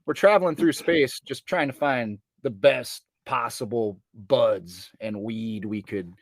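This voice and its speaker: A man's voice: mid-range voice, a little slow, no room sound. A man in a band describing the album concept in a casual, joking way during an interview. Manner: easygoing, joking. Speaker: band member.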